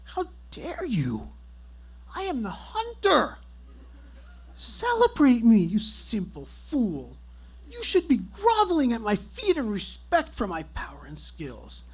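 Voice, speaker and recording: A man's voice: very high voice, wildly swooping pitch, slightly rough, pitched above the performer's own voice, heavily acted. A man doing a pompous grandiose hunter. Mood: haughty. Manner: haughty, slow and theatrical. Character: pompous self-proclaimed male hunter, grandiose and scornful.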